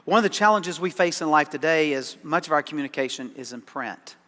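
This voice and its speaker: A man's voice: a little high, animated, fairly quick, fairly bright tone, long reverb tail. A man preaching a sermon as pastor, conversational and dryly sarcastic, often repeating words as he starts a thought. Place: church sanctuary.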